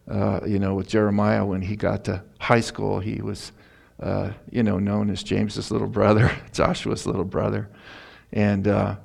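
A man's voice: lowish voice, creaky, a little mellow. A middle-aged male pastor preaching a sermon in a folksy, emotional way, laughing through personal stories.

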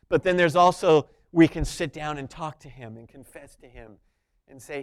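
A man preaching a sermon, moving between soft, intimate asides and loud, emphatic points. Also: on the high side, moderate pace, clear, resonant tone. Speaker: pastor.

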